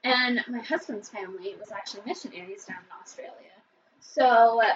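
A woman co-hosting a podcast in casual chat, telling a story in an animated way. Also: fairly high pitch, fairly quick. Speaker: podcast co-host. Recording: distant mic, dull sound, faint noise.

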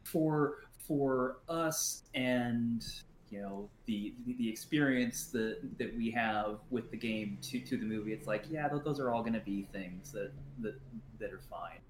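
A man's voice: medium pitch, echoey room, slight background noise. A man co-hosting a podcast in casual chat, stumbling and restarting often, swearing freely and laughing. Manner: halting, many restarts and stumbles. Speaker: podcast co-host.

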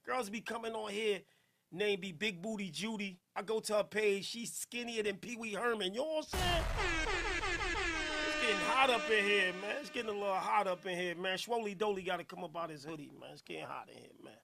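A man with a fairly high, bright, cutting voice, chatting loosely and loudly on his podcast. He jokes around, teases listeners and throws out shout-outs in heavy slang. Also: fairly quick, vocal fry, soft background music. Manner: loud, animated, playful, slangy. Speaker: podcast host. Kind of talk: casual livestream chat with shout-outs.

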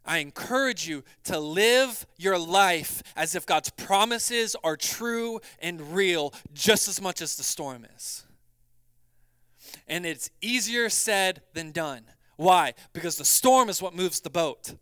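High, bright-voiced preaching man. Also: animated, takes it slowly, smooth, no room sound. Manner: builds from quiet reflection to loud, urgent preaching; conversational, acts out quoted voices. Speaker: pastor. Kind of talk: sermon.

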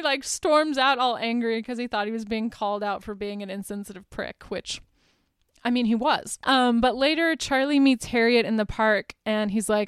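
A woman's voice: a little high, normal speed, clean tone, no room sound, clean studio sound. A woman hosting a podcast, casually recapping a film in a chatty way, with frequent ums and likes and light laughter. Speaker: podcast host.

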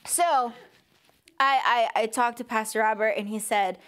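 Young woman sharing her testimony at church, kinda high voice, getting teary, jumps way up when she quotes people. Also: big pitch swings, a little slow, fairly bright tone. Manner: emotional, near tears at times; acts out quoted voices with big pitch jumps. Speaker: speaker at a church service. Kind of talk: personal testimony to a congregation.

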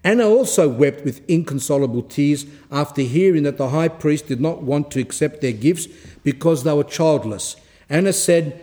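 Guy giving a church talk, reads the story out then explains it quick, mellow kinda high voice. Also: expressive. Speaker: Orthodox speaker giving a talk. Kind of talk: reading aloud and explaining a saint's life in a talk.

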